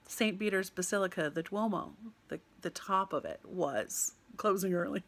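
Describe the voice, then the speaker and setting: Gravelly-voiced American woman telling a story. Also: on the low side, normal speed. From United States. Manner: animated, laughs often, mimics other people. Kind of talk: personal storytelling.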